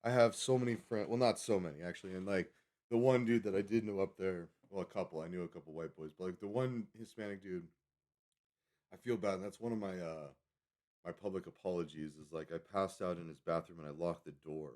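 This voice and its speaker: A man's voice: low voice, fairly quick, darkish tone. A man livestreaming, rambling casually as he reads a web page aloud and stumbles over foreign names. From Colorado. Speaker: livestream host.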